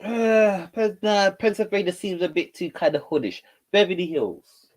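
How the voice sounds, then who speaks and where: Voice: medium pitch, expressive, normal speed, hardly any pauses. Teasing battle rap reaction host. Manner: teasing, repetitive catchphrases. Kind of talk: reaction commentary.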